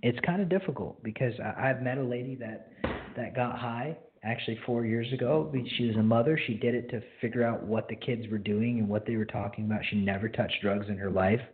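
A friendly, straightforward man in his twenties hosting a ministry radio show, rambling through a casual spoken testimony. His mid-pitched voice is husky and comes through a narrow, phone-like line. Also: brisk. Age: 20s.

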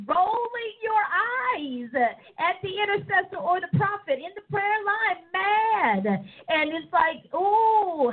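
High-voiced lady preaching, animated, doing little voices, sounds like it's coming through a phone. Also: breathy edge, phone-quality sound. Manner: animated, mimics people in voices. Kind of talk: sermon.

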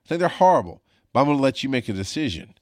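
A man's voice: medium pitch, big pitch swings, racing, darkish tone, no room sound. A man, a paramedic hosting a podcast, speaking frankly and emphatically from his home studio and swearing freely. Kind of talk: candid podcast monologue. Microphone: studio mic on a video call.

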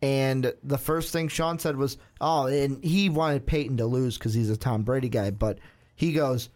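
A man's voice: medium pitch, steady tone, a little slow, a little mellow. A man hosting a casual sports podcast, rambling through anecdotes with quoted asides. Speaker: podcast host.

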